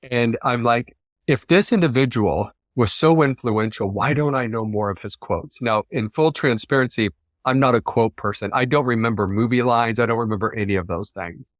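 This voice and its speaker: A man's voice: medium pitch, dry recording, studio quality. A man from the United States, a guest in an interview, speaking earnestly and from the heart. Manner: earnest, heartfelt, quote-driven. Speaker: interview guest, ethics practitioner. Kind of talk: reflective interview talk.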